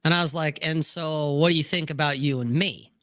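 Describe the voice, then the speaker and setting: A man's voice: fairly high pitch, brisk, a bit bright, no room sound. A middle-aged man telling a long, candid and profane personal story on a casual podcast panel, full of "you know". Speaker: podcast co-host.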